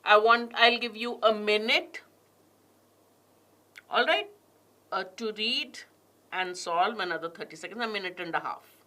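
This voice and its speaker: A woman's voice: mid-range voice, unhurried, pauses often, bright, forceful tone. A woman teaching an exam prep class online, reading passages aloud with heavy stress on key words and questioning her students.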